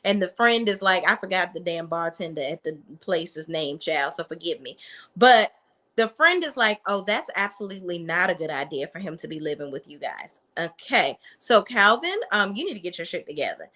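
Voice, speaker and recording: A woman's voice: on the low side, expressive, moderate pace, bright, forceful tone. A young woman, recapping a TV episode in a sassy, blunt, casual way and imitating the characters. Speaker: reality TV recap host.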